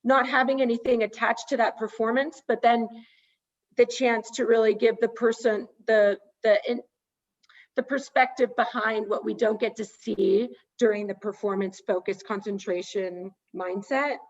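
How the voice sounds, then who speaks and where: A woman's voice: fairly high pitch, fairly even intonation, normal speed, muffled recording. A woman hosting a post-screening talk, reflecting aloud and searching for words. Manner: searching, restarts phrasing while reflecting. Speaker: interview host.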